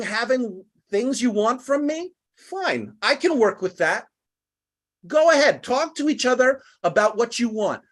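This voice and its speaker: A man hosting an online group, ranting angrily and bitterly at its members and swearing as he goes. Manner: heated, bitter, swearing, with big swings in pitch. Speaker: host of an online English class group. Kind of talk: angry rant to an online group.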